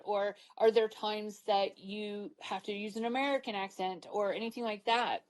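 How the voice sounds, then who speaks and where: A woman's voice: medium pitch, normal speed, few pauses, darkish tone. A woman hosting a podcast, asking questions in a loose, casual way with fillers. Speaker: podcast host. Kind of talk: conversational interview.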